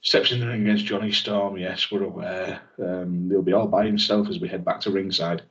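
A man's voice: deep voice, steady tone, a little fast, a bit bright. Dry, sarcastic man. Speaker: podcast co-host. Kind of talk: casual chat, recapping a wrestling show. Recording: dull lo-fi audio.

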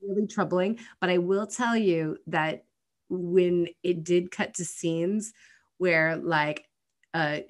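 A woman co-host speaks in casual chat, earnest and a little rambling, with plenty of fillers. Her voice sits somewhat low for a woman. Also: steady tone, slow. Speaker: podcast co-host.

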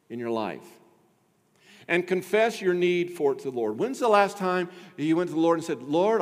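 A man's voice: on the high side, in a large hall. A male pastor preaching a sermon with emphatic delivery, putting rhetorical questions to his congregation.

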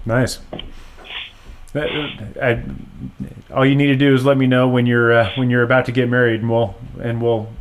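A man's voice: mid-range voice, little pitch movement, moderate pace, phone-quality sound, a little hiss or hum. A middle-aged man hosting an interview, asking friendly, rambling questions with restarts. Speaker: host. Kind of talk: casual interview chat.

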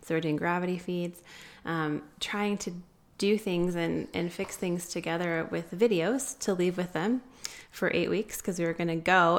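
A woman guest telling a long story in an interview, earnest and pausing often with fillers. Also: on the low side, fairly even intonation. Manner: earnest, many filler pauses. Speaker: guest, founder of an anti-trafficking group.

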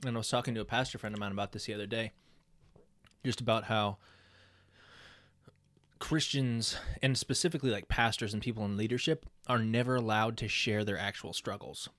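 A man's voice: fairly low pitch, fairly even intonation, brisk, no echo. A man hosting a casual podcast, joking and laughing often between earnest talk. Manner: laughs often, jokey bursts of shouting. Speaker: podcast host.

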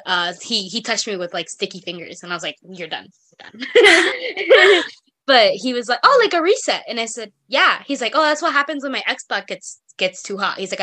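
Bright-voiced chatty young woman. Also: mid-range voice. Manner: chatty, rambling storyteller with many fillers. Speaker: podcast co-host. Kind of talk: casual chat.

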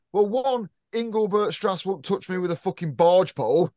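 A man's voice: high voice, moderate pace, dark tone, dry recording. A man hosting a podcast in casual chat, blunt and teasing, swearing freely. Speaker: podcast host.

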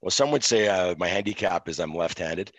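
Man, middle-aged, low voice, dry close mic, relaxed storytelling. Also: a little fast, no echo, low-quality recording. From Quebec. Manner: relaxed anecdotal, many fillers. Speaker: podcast guest, former hockey referee. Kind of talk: casual interview storytelling.

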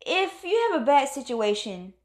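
A woman's voice: sits high, big pitch swings, moderate pace, a little mellow. A woman giving a motivational pep talk, emphatic and preachy, repeating phrases for stress. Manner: calls on God in exclamations. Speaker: motivational speaker.

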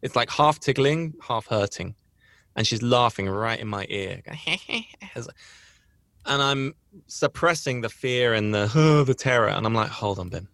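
Gravelly-voiced man telling a personal story. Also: mid-range voice, moderate pace, fairly bright tone, dry recording, studio quality. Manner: rambling, earnest, with frequent restarts. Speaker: podcast host. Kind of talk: casual storytelling.

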